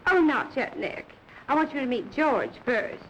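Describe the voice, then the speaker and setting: An actress playing a wisecracking young showgirl, brassy and quick, in 1930s film dialogue. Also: high voice, expressive, a little hiss or hum, low-quality recording.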